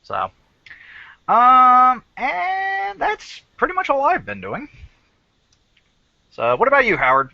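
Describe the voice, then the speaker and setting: A man's voice: very high voice, huge pitch swings, slow, gravelly, pauses often, no echo, lo-fi sound. A man co-hosting a gaming podcast, chatting casually and teasing his friend. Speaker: podcast co-host and game master. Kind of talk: casual chat.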